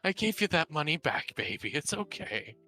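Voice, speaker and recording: A man voicing a gentle husband who soothes his wife with repeated reassurances in a tabletop game. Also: on the high side, very animated, normal speed, faint music behind, exaggerated voice. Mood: comforting.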